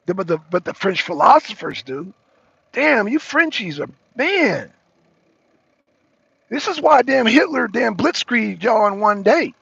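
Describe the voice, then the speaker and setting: High, gravelly American man ranting. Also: big pitch swings, measured pace, bright, forceful tone, no echo, highs cut off. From United States. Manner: profane, repetitive, raising his voice. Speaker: talk show host. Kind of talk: heated political rant. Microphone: streaming microphone.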